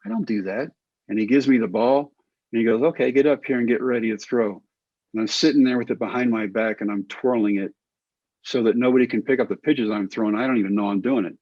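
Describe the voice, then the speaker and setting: Middle-aged male storyteller, husky voice, dull dry podcast sound. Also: mid-range voice, fast, no echo. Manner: animated storyteller acting out quotes. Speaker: guest, former pitcher and coach. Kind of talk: storytelling interview.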